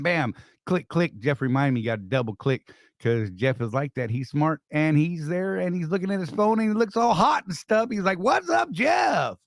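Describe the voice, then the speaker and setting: A man's voice: on the high side, no room sound, clean studio sound. An older man co-hosting a casual live stream, joking, teasing and greeting viewers by name.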